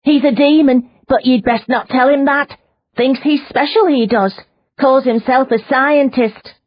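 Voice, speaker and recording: A woman's voice: high-pitched, fairly even intonation, measured pace, muffled recording, pitched above the performer's own voice. A woman reading an audiobook voices a terrified, half-mad young woman prisoner who wails and clings to her fixed idea. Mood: frantic. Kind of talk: audiobook character voice.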